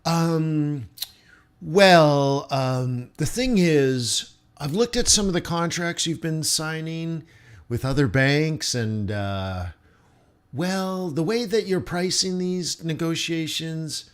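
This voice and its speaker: A man putting on an awkward, hesitant boss, halting with ums and pauses. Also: a little high, animated, clean tone, voice pushed up. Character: awkward, hesitant male boss firing an employee.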